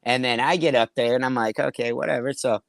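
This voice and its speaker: A man's voice: medium pitch, steady tone, quick pace, creaky, dry recording. Comedian guy rambling thru a crude gig story, swears a lot, does little voices, dry close sound. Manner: rambling, profane, acts out quoted voices. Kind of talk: casual storytelling chat.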